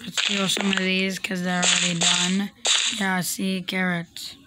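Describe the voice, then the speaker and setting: A woman's voice: on the low side, little pitch movement, unhurried, over loud music, low-quality recording. A woman hosting a casual Minecraft let's play, chatty and profane, talking back to the game characters. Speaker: gaming video host.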